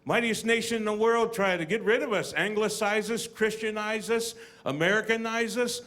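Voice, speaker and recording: A man performing a stand-up comedy routine, telling stories and acting out voices with deadpan punchlines. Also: high-pitched, moderate pace. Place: comedy stage with live audience. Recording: live audience, noisy room.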